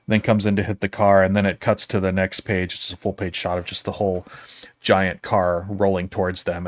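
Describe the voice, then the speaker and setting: A man co-hosting a livestream in relaxed, chatty talk that trails off softly at the ends of lines. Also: deep voice, no room sound. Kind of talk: casual livestream chat.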